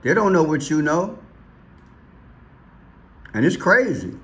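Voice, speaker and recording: A man hosting a casual commentary vlog, excitable and repetitive as he points things out on screen. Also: a little high, slow pace. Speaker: vlog host.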